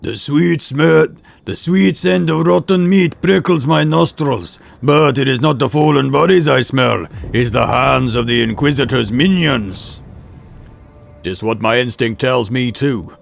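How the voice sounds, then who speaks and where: A man voicing a gruff, proud warrior in a video game, speaking in an old-fashioned, boastful way. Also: medium pitch, unhurried. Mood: suspicious. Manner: archaic, boastful warrior speech. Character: gruff male Norse-style warrior, proud and blunt.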